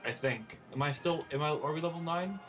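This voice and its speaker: A man's voice: on the high side, brisk, music in the background. A man playing a tabletop game, talking casually and correcting himself as he works out the numbers. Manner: chatty, unsure, self-correcting. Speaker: player.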